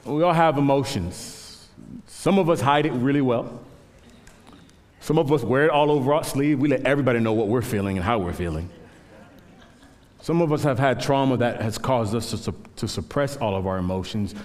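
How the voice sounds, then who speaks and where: A man's voice: medium pitch, moderate pace, long reverb tail. A man in his thirties preaching a sermon, telling stories with self-deprecating humor. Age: 30s. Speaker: pastor.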